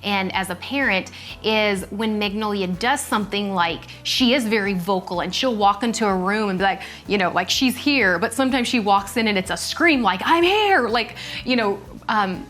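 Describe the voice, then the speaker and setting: Animated woman co-host, chatty. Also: medium pitch, moderate pace, soft background music. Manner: animated, acts out quoted speech in a shifting voice. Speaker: podcast co-host. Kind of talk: casual chat.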